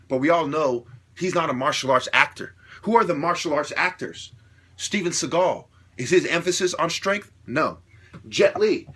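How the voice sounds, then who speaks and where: A man delivering an opinionated monologue, lecturing with repeated rhetorical questions and swearing, growing louder and higher as he gets worked up. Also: slightly rough. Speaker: self-styled martial artist ranting to camera.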